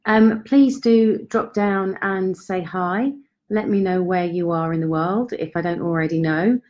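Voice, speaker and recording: A woman chats slowly and easily to viewers of her live stream, her voice sitting on the low side. She talks into her phone at home, friendly and self-deprecating. Her pace stays unhurried throughout. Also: darkish tone, highs cut off. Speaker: confidence coach hosting a live stream. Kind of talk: casual live-stream chat. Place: at home, in York.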